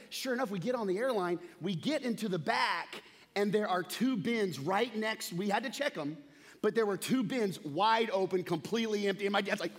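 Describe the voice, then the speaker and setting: A man's voice: high voice, animated, normal speed. Conversational man preaching a sermon. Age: 30s. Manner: conversational, storytelling, humorous. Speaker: pastor.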